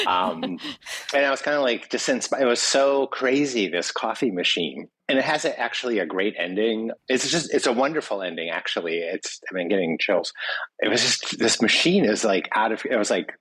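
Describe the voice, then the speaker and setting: Man, interview guest, husky, lowish voice, rambling anecdotes, dry close sound. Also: very animated, moderate pace, pushed and bright, dry recording, rough recording. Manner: rambling, anecdotal, full of "you know" asides. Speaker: guest, food writer. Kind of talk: casual interview talk.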